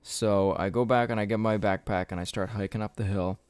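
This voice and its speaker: Young male podcaster, rambling storyteller, swears a lot, smooth low voice, dry close sound. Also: steady tone, a little fast, a little mellow, dry recording. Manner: casual, rambling, swears often, laughs at own story. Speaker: podcast host.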